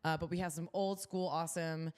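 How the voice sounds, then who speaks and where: A young woman co-hosts a casual livestream and chats in a bubbly, upbeat way. Her voice sits a little low for a woman. She talks loosely and leans on a lot of filler words. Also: steady tone, a little fast, a little mellow, smooth. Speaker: podcast co-host.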